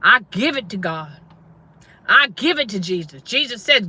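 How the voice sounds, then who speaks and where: With a mid-range, sing-song voice that is pushed, bright and slightly rough, a middle-aged woman preaches casually on her livestream at a moderate pace. The faith-based trauma coach and channel host testifies and repeats herself for emphasis.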